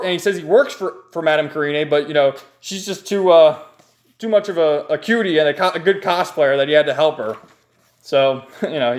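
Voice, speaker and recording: Guy gushing over a manga volume, keeps laughing, kinda high voice, lots of restarts. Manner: enthusiastic, chuckling often, rambling restarts. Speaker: manga reviewer. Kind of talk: casual page-by-page recap.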